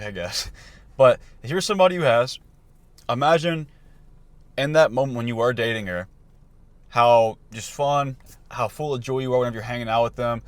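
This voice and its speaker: A man's voice: medium pitch, no room sound. A young man and self-improvement coach, talking loosely to camera about life advice with lots of fillers and restarts. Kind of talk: casual motivational talk to camera.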